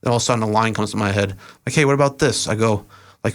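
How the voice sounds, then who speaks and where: A young adult man speaks in a slightly low voice, chatting casually as a guest on a podcast. He tells long stories at an easy pace, full of "uh"s and small restarts, loose and unhurried. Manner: relaxed, rambling, many "uh" fillers. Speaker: podcast guest, event organizer and rapper. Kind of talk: casual interview storytelling.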